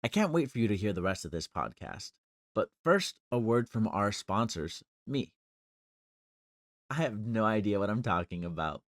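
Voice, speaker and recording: A man's voice: fairly low pitch, sing-song, moderate pace. A man hosting his own podcast, rambling and joking about himself in a casual monologue. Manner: rambling, joking and self-deprecating. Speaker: podcast host.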